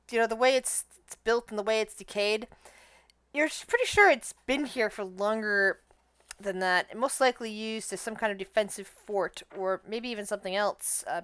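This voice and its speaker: A woman's voice: on the high side, expressive, normal speed, a bit bright, clean tone, no echo. A woman running a tabletop game as game master, describing scenes and explaining rulings in a conversational way.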